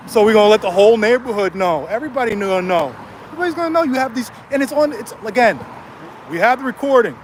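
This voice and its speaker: A man's voice: sits high, animated, quick pace, slight background noise. A man ranting angrily on a livestream from a city street, swearing and taunting a rival, recorded on a cell phone. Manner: angry, profane, taunting.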